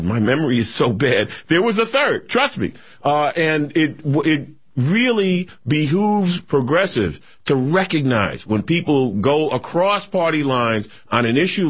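A man's voice: fairly high pitch, breathy edge. A man co-hosting a political talk radio show, speaking in a casual, opinionated way with frequent fillers and restarts. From United States. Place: radio studio. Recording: lo-fi broadcast radio recording.

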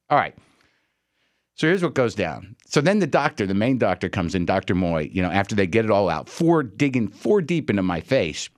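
Animated, exasperated man telling a story. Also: lowish voice, normal speed. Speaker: radio host filling in. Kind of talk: comic storytelling monologue on radio. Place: radio studio.

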